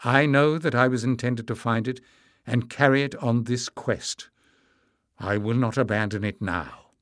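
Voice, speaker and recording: A man's voice: medium pitch, a little slow, no room sound, studio quality, lightly acted. A man reading aloud, voicing a determined young hero who speaks earnestly and firmly. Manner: hushed then firm and earnest.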